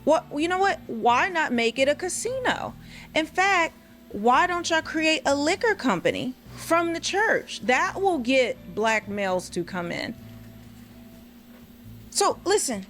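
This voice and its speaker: A woman's voice: high-pitched, sing-song, a little slow, a bit bright, slight background noise. A woman giving sarcastic commentary, firing off mocking rhetorical questions.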